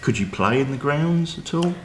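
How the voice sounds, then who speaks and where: A man interviewing an older woman, asking gentle, curious questions. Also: medium pitch, animated, moderate pace, a little hiss or hum.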